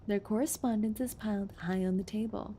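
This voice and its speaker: A woman's voice: medium pitch, fairly even intonation, brisk, mellow, a little hiss or hum. A woman streamer chatting playfully and reading game text aloud during a gameplay stream. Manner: playful and giggly, jokes around.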